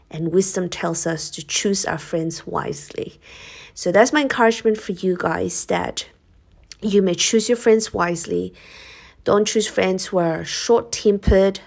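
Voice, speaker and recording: A woman's voice: on the low side, gravelly, a little mellow, husky. A young woman vlogger talking casually to her viewers, earnest and encouraging, laughing often. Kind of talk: casual vlog talk to camera.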